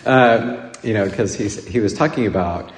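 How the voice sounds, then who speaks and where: A man from Nebraska giving a conversational homily, rambling and halting with many restarts and fillers. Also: fairly low pitch, slight background noise. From Nebraska, USA. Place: church. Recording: echoey church with long reverb.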